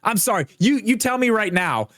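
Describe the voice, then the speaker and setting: A man's voice: sits high, big pitch swings, normal speed, fairly bright tone, no echo, clean studio sound. A man co-hosting a casual gaming podcast, ranting with heavy swearing and strong emphasis. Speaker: podcast co-host. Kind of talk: casual opinionated chat.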